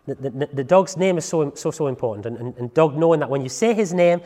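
A man's voice: a little high, expressive, fast talker, warm tone, big-room sound. A man teaching dog training in a casual, chatty way, often checking in with the listener.

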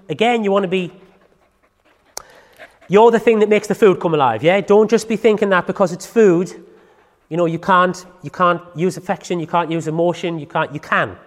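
Chatty dog trainer, echoey. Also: male voice, high voice, fairly quick. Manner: chatty, repetitive, keeps checking in with the listener. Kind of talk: casual training talk.

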